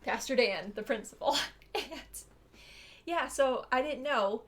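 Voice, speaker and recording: A woman's voice: sits high, measured pace. A young woman co-hosting a podcast, telling a story in casual chat, swearing freely, laughing often and acting out the voices she quotes. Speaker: podcast co-host.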